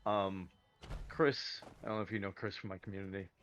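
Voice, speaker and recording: A man's voice: deep voice, little pitch movement, brisk, a bit bright, faint music behind. A man co-streaming a game, easygoing and explaining game mechanics over a call. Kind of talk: casual gaming chat over voice call.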